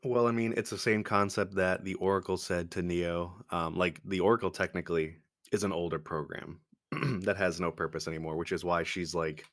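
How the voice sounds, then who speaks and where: Chill podcast dude, low voice, swears a bunch, laughs a lot, dry mic. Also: male voice, steady tone, normal speed, fairly bright tone, no room sound. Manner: laid-back, swears a lot, laughs often. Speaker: podcast co-host. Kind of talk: casual movie discussion.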